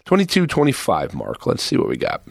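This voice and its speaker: A man's voice: medium pitch, wildly swooping pitch, brisk, vocal fry, slightly rough, dry recording, clean studio sound. A man hosting and breaking down comedy clips in casual commentary, with frequent ums. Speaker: host reacting to comedy clips.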